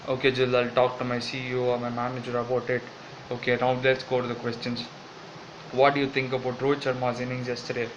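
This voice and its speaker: A man's voice: medium pitch, completely flat delivery, quick pace, fairly bright tone, a little hiss or hum, rough recording. Meek Indian-accented man interviewing politely. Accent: Indian English. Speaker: comic sketch host, interviewer. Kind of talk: comic double-role sketch.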